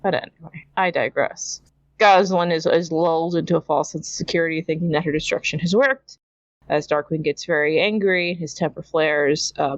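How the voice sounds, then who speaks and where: In a lowish voice, a Canadian woman hosting a podcast gives a chatty recap of a cartoon episode, laughing frequently and putting on the characters' voices for quotes. The recording is muffled, with no room sound.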